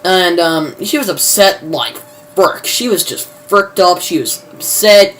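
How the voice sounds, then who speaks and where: A man's voice: high voice, slow pace, a bit bright, slight background noise. Rambling guy recapping a show. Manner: rambling, heavy fillers, mild cursing. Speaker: video reviewer. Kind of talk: rambling casual plot recap.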